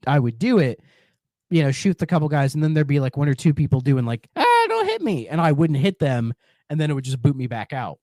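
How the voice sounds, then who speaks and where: A man's voice: medium pitch, a little fast, dark tone, dry recording, clean studio sound. A man co-hosting a podcast in casual chat, rambling with many restarts and fillers. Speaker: podcast co-host.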